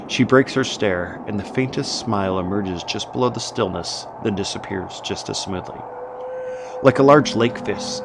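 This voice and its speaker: Brief: low, gravelly male gamer reading on-screen text aloud, stop-start asides, noisy background hiss. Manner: halting, many fillers and restarts between smooth reading. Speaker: gameplayer narrating. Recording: noisy home setup with background music.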